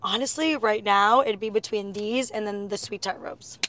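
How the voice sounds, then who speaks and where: A young woman chatting casually as a guest, giggly and animated, slipping into playful put-on voices as she tells stories. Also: medium pitch, normal speed, very noisy. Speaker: reality TV guest. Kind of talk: casual chat.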